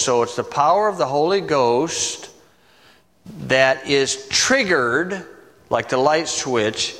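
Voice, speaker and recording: A man preaching a sermon, teaching verse by verse in a conversational way, with chuckling asides and key words drawn out slowly. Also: fairly high pitch, fairly bright tone. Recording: long reverb from the room.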